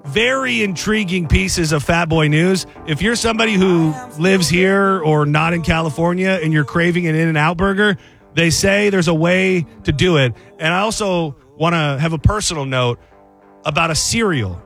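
A male radio host with a slightly high voice, joking loosely with his co-host and callers. His talk stays easy and conversational, with light music running faintly in the background. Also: moderate pace, gravelly, fairly bright tone. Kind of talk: casual sports radio chat.

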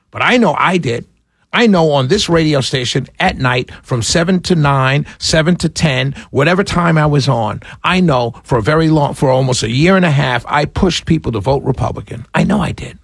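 A man's voice: on the high side, gravelly, husky, no room sound. A man hosting a talk radio show, ranting passionately and raising his voice into a close studio mic. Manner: passionate, ranting, raises voice when angry.

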